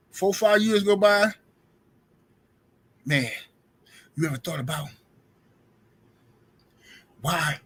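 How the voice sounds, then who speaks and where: A man hosting a livestream, talking in loose slang with a high, bright voice. His tone is husky and a little rough, and he rambles from one point to the next. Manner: loose slangy rant, greets viewers. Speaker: livestream host. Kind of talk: casual livestream commentary. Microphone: streaming setup mic.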